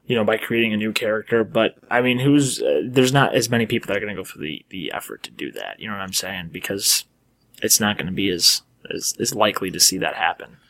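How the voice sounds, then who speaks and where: A man's voice: lowish voice, quick pace, fairly bright tone. A man co-hosting a casual gaming podcast, rambling with "you know" and trailing off as he thinks aloud. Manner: rambling, trails off, hedging with fillers. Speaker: podcast co-host.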